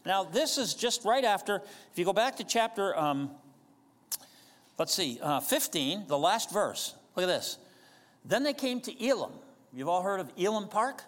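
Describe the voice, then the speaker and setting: A man's voice: sits high, lively intonation, normal speed, a bit bright. Conversational male pastor in reverberant hall. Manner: conversational, asks the congregation questions. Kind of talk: sermon.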